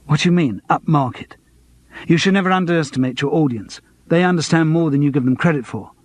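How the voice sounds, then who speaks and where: A man's voice: a little high, quick pace, voice pushed up, close to an everyday voice. A man voicing an indignant comedy writer who snaps back when offended. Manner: indignant, snappish. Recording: dry close studio.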